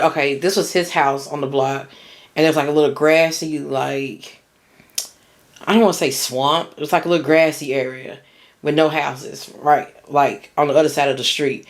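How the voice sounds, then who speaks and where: A young woman telling a personal story in a casual, rambling way, with lots of restarts and slang. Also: sits low.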